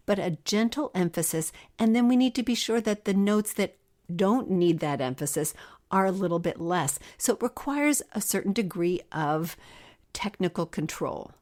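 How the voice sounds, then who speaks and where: Woman, harp teacher, friendly explanations, middle-aged, mid-pitched voice. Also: a little mellow. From Philadelphia area. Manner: friendly explanatory, sings rhythms. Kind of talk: podcast music lesson.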